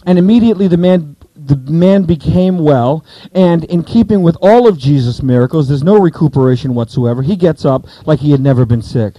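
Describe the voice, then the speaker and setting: A man preaching an expository sermon in a conversational, animated way, sometimes acting out voices from the Bible stories. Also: a little high, a little fast, hardly any pauses, no echo, lo-fi sound.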